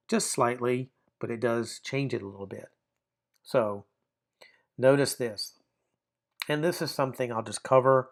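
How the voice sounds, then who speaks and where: A man teaching a grammar lesson, explaining step by step with frequent fillers and restarts. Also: mid-range voice. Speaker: Bible language teacher. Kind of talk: classroom grammar lecture.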